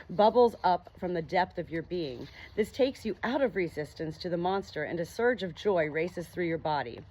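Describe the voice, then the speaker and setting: A woman reading an audiobook aloud in a calm, measured way, addressing the listener as you. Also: on the low side. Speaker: audiobook reader. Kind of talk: audiobook narration.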